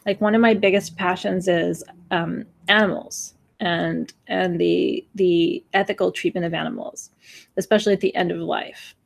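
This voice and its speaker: A woman in her forties with a lowish, steady voice and some vocal fry speaks at a normal pace. She's a spiritual teacher delivering an earnest, emotional new moon talk, pleading with her audience and now and then acting out gasps and sighs.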